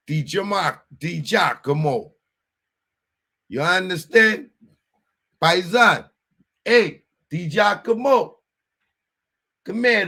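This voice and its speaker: A scheming Italian-American mafia man, as a man puts him on, leaning in with conspiratorial, wheedling talk. The voice sits high and carries a gravelly rasp. He talks slowly and deliberately. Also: pushed and bright, exaggerated voice.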